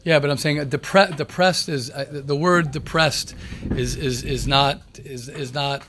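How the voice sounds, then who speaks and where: A man with a high voice teaches a room of yeshiva students in a loose, energetic style. He repeats words and restarts sentences as he works through his point. Faint background noise sits under the recording. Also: a little slow. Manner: animated, repeats himself, self-correcting. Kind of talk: informal Torah lecture.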